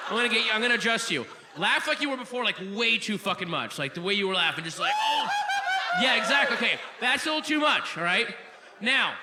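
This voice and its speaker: A man doing a live stand-up set in a comedy club, ranting profanely and shouting at the audience. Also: high-pitched, in a large hall. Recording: live club recording, crowd and room noise.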